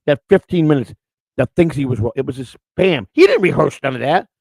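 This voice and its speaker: A man's voice: fairly high pitch, expressive, a little fast, gravelly, darkish tone, no room sound, poor audio. A man hosting a live-stream morning show, rambling in unscripted chat, blunt and crude, restarting his words again and again.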